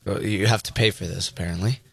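Young guy cohost, lowish voice, says like a lot, dry close mic. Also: steady tone, vocal fry, fairly bright tone, husky, no echo. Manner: chatty, many likes, quick to laugh off. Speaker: radio co-host. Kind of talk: casual radio chat.

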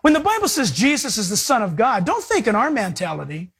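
Husky, animated male preacher. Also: a little fast, few pauses. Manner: animated preaching with sudden swings in pitch and pace. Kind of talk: sermon.

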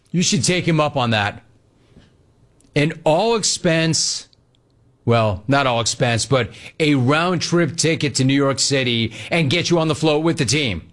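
A man's voice: a little high, fairly bright tone. A man hosting a sports talk radio show, giving a sarcastic and emphatic monologue.

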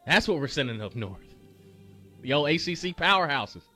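A man co-hosting a casual sports talk show, reacting quickly and repeating words as he talks. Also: on the high side, big pitch swings, bright, forceful tone, faint music behind.

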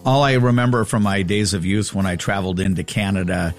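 A man's voice: low voice, fairly even intonation, a little fast, soft background music. A male radio co-host in casual chat, hesitant and full of fillers.

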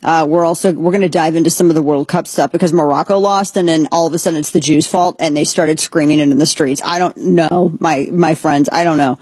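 A woman hosting a political talk show, giving blunt and sarcastic commentary with quick asides. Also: deep voice, steady tone, a little mellow, slightly rough, no echo.

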